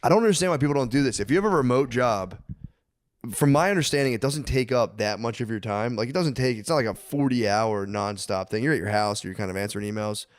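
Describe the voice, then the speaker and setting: A man's voice: medium pitch, quick pace. A man in his thirties co-hosting a podcast, chatting casually and crudely, joking around and slipping into silly voices. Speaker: podcast co-host. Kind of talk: casual comedic chat.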